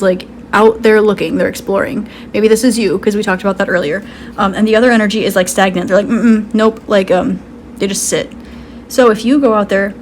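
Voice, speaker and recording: A woman's voice: medium pitch, slight background noise. A woman giving a casual intuitive card reading, rambling with many "um"s and "like"s and laughing easily. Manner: rambling, full of "um" and "like", giggly. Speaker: tarot card reader.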